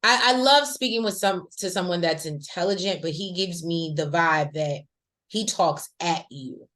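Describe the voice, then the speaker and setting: A woman co-hosting a casual recap chat, talking in a chatty, slangy way with lively asides. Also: on the low side, normal speed. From rural American South. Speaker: podcast co-host.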